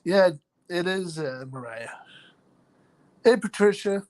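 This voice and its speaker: Slow-talking man chatting on a live stream. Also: high voice, animated, darkish tone. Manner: chatty, reads out viewer names, jokes about himself; laughs often between lines. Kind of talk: casual live chat with viewers.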